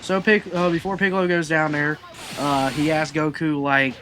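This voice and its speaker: A man's voice: fairly high pitch, steady tone, moderate pace, sharp tone, slight background noise. A man casually reviewing an anime episode, chatty and rambling, full of asides as he recaps.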